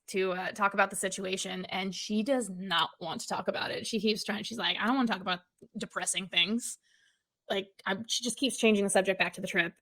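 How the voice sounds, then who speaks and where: A woman's voice: medium pitch, fairly bright tone, low-quality recording. A woman co-hosting a podcast, recapping a film's plot in casual chat and mimicking the characters. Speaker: podcast co-host.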